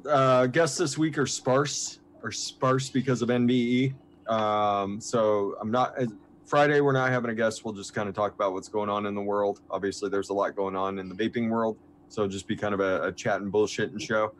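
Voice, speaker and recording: A man's voice: lowish voice, normal speed, slight background noise. A man co-hosting a casual livestream, laid-back and chuckling, using lots of fillers. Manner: relaxed, chuckling, thinks aloud with fillers. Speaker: livestream co-host. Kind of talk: casual chat.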